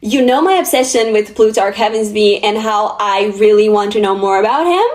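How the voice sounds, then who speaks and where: A woman's voice: medium pitch, expressive, normal speed. A young woman vlogging about books, talking in a chatty, gushing and emotional way. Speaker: book vlogger. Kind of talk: casual chat.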